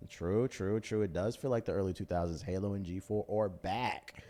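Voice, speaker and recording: A man from Washington, D.C. co-hosting a livestream, telling stories in casual chat with slang. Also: low voice. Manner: fast, animated storytelling with slang. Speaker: co-host.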